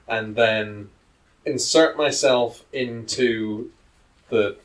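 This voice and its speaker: Measured man playing a tabletop game. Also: medium pitch, far from the mic, low-quality recording. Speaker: player.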